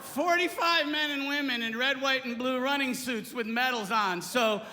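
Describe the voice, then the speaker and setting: A man's voice: very high-pitched, moderate pace, pushed and bright. A man performing a stand-up comedy set on a stage before a live audience, with erratic, yelping outbursts. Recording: live hall with audience noise.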